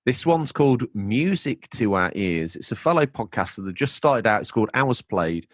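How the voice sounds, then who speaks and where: A man co-hosting a gaming podcast, reading out listener messages in a jokey, lively way. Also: on the low side, normal speed, no room sound, studio quality. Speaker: podcast co-host. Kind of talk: casual chat.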